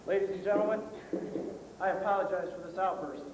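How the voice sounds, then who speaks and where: A man with a very high voice scolds sternly as part of a stage comedy skit. The old tape carries a heavy hall echo and a faint hiss. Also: fairly even intonation, fairly quick. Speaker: student comedy skit performer.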